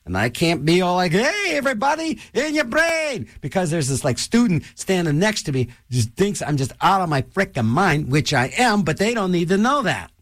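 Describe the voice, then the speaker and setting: An older man hosting a radio show, rambling and joking in a loose, animated way in a studio. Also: normal speed, few pauses, no echo. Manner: animated, rambling, jokey, restless pitch swings. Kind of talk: rambling radio host chat.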